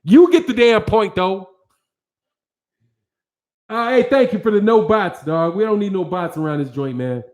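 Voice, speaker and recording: A man whose voice sits high, a bit mellow and animated, hosts a livestream for a boxing channel, unhurried and pausing often. He reads out viewer chat and addresses the audience in a casual, slangy, profane manner, using a studio microphone with several cameras.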